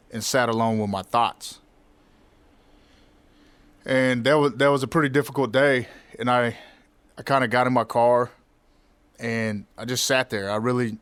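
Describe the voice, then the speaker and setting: A man hosting a podcast, telling a personal story in a reflective, candid way with halting restarts. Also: mid-range voice, fairly bright tone, smooth, no echo. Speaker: podcast host.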